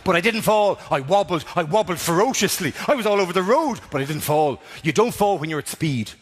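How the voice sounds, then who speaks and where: A middle-aged man doing stand-up comedy in a big theatre, animated and breaking into sudden shouts. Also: high-pitched, fairly quick. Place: large theatre stage. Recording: reverberant theatre, audience noise.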